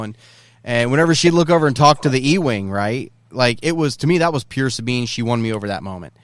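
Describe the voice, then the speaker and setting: Excited male podcast co-host, smooth voice. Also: mid-range voice, no echo. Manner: excited fan, acts out quoted lines. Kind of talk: casual chat.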